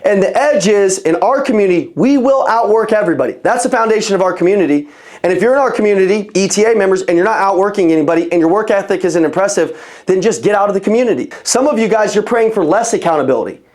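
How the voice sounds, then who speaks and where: A man with a notably high voice leads a motivational sales training over a video call. He talks bluntly, swears freely and keeps the energy fired up as he pushes his listeners to outwork everyone. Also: animated, fast talker, a little mellow. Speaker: sales coach.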